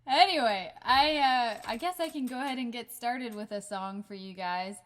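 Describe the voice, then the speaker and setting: Her fairly high, bright voice moves at normal speed as she hosts her band's livestream from home. Recorded on a webcam, she chats casually, laughing a lot and using plenty of fillers.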